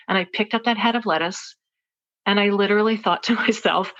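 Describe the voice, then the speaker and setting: A woman's voice: medium pitch, a little fast, fairly bright tone, lo-fi sound. A woman in her forties telling a personal story as a podcast guest, earnest and reflective, often restarting her sentences. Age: 40s. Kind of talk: personal story told in conversation.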